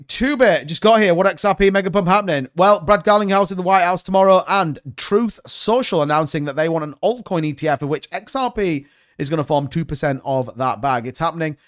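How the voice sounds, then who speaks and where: A man hosts a live stream, giving loose, rambling market commentary. His voice sits a little high, and he hedges and wanders as he chats. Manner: rambling, hedging, chatty. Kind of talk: casual crypto market commentary.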